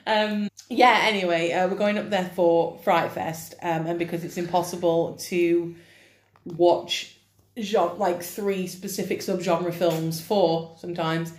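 A woman's voice: fairly low pitch, steady tone, unhurried. Wry, laid-back woman podcasting in an echoey room. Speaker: podcast co-host. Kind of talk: casual podcast chat.

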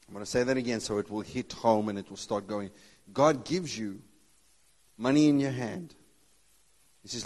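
A pastor with a mid-range, darkish voice preaches a sermon, often joking and laughing and giving Bible characters their own voices. A large hall's long reverb surrounds him.

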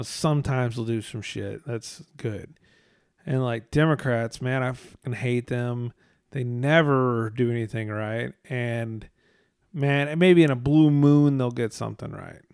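A man's voice: medium pitch, a little mellow, clean tone, no room sound, clean studio sound. Rambling, profane, tired-sounding man. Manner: rambling, profane, frequent fillers. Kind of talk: casual rambling monologue.

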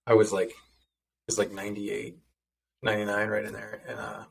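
A man guesting on a podcast, telling stories in a relaxed way with casual swearing. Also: on the low side, a little fast, gravelly, slightly rough, recorded from a distance. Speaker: podcast guest, business founder.

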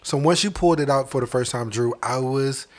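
A man with a mid-range voice talks through his opinion on a podcast. He is thoughtful and steady, checking in with his co-hosts as he goes. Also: medium pitch. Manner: thoughtful, measured, says "right?" often. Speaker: podcast co-host. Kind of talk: casual podcast review.

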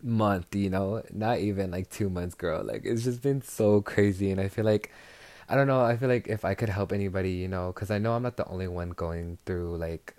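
A man's voice: low voice, moderate pace, darkish tone, dry recording. A young adult man hosting his own podcast in a casual, chatty way, gushing and filling his talk with "like" and "girl". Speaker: podcast host.

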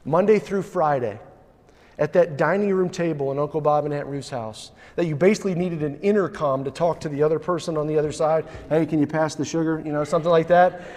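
A man's voice: a little high, a little fast, a little mellow. A man preaching a sermon in a church, earnest, building to urgent emphasis, with frequent restarts. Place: church sanctuary. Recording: long hall reverb.

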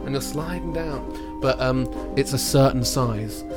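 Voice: measured pace, over music. Giggly improviser. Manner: giggly, trailing off into low musing. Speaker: comedy improviser. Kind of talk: improvised comedy brainstorm.

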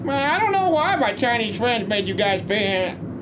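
A woman's voice: medium pitch, very animated, moderate pace, noisy background, close to an everyday voice. A woman acting as a fawning, scheming office assistant in a comedy sketch, speaking syrupy broken English.

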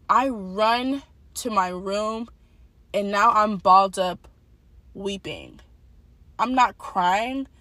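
A young woman telling a personal faith testimony in a casual, animated storytelling way, talking straight to her viewers. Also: medium pitch, no echo. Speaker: testimony speaker.

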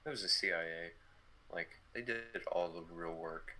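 A man's voice: low-pitched, normal speed, bright, forceful tone. A man co-hosting a casual podcast, offhand and hesitant, giving short replies. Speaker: podcast co-host. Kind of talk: casual chat.

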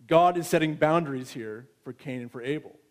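A man's voice: a little high, fairly quick. A man in his thirties preaching a sermon in a conversational way, often checking in with his listeners. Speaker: pastor.

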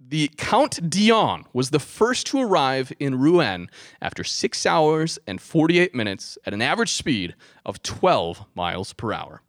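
A man's voice: medium pitch, unhurried, dry recording, studio quality. A man co-hosting a casual podcast chat, telling a history story with frequent laughter. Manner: animated, laughs often, hams up a mock French accent. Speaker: podcast co-host.

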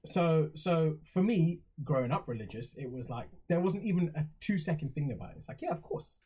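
A man's voice: on the high side, lively intonation, brisk, warm tone. A young English man talking in a reflective, rambling way on a casual podcast, with many fillers and restarts. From England. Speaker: podcast co-host.

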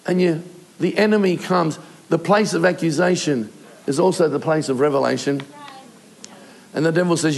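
Older man, pastor, heartfelt sermon delivery with pauses; gravelly voice. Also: mid-range voice, a little mellow. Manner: earnest, emotional preaching with short pauses.

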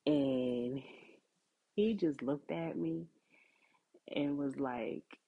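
A woman with a notably low voice tells a personal story at an unhurried pace, loose and chatty, leaning on "like" and "you know". The recording sounds dull and lo-fi. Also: vocal fry. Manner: conversational, many fillers like "like" and "you know". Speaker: podcast host.

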